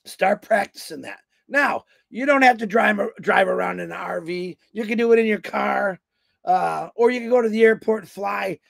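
A man's voice: high-pitched, normal speed, vocal fry, fairly bright tone, dry recording. A man in his fifties giving a rambling, folksy motivational talk on a livestream, telling road-trip stories. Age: 50s. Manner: folksy, storytelling, acts out quoted voices. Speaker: motivational speaker on a company livestream.

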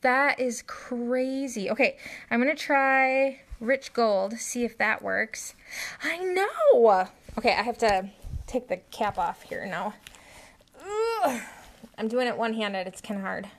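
A woman who owns an art studio, excitedly demonstrating a craft technique on a live stream, gasping and delighting at the results. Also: fairly high pitch, slow, long pauses. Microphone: phone or camera on live stream.

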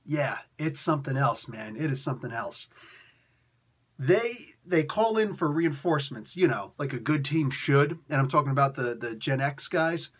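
Husky, animated male comic reviewer. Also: on the high side. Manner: animated, rambling, frequent fillers and restarts. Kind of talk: casual video review.

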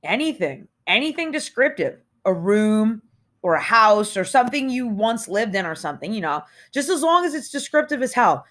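A cocky teenage schoolboy pleads and brushes things off in loose slang, as a woman puts him on. His pitch jumps up and swings around as he coaxes. It is a storybook reading. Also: big pitch swings, moderate pace, a bit bright. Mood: coaxing. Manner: wheedling, offhand, slangy. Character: cocky male prep-school roommate, teen, pushy.

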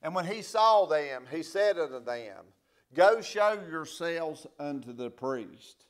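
A male pastor, preaching a sermon, reading scripture quietly and rising to loud emphatic preaching. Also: fairly high pitch, animated, takes it slowly.

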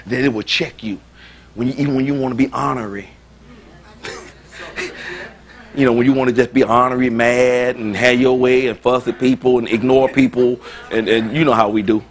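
A man preaching a sermon as pastor, swinging between loud exclamations and quiet asides. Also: medium pitch, fairly even intonation, moderate pace, pauses often. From United States.

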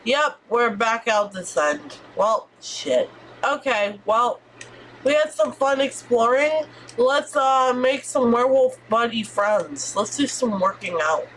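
A woman streamer giving excitable let's-play commentary, squealing and swearing as she reacts. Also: a little high, slow, a little hiss or hum.

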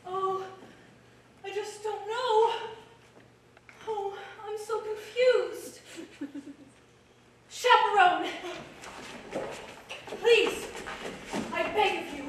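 A woman's voice: extremely high pitch, extremely slow, long pauses, a little hiss or hum, full character voice. A young woman acting as a glamorous stage-star bride who talks in a dramatic, theatrical way, live on stage in a theatre. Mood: flustered. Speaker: stage actress. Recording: echoey theatre from far off.

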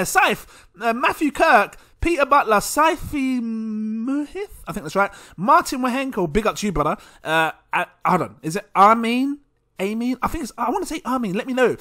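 Lively bright-voiced crypto vlogger. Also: male voice, extremely high pitch. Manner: chatty, stumbling over names, laughing at himself. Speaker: crypto channel host. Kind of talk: casual shout-outs to supporters.

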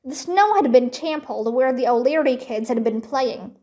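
A woman reading a children's mystery book aloud, slow and careful. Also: high-pitched, lively intonation, dark tone. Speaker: storybook reader.

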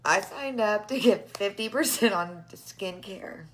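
A woman's voice: medium pitch, lively intonation, measured pace. A woman in her thirties chatting to her followers while teary and crying, laughing through her tears. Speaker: direct sales vlogger. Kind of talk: emotional casual live chat.

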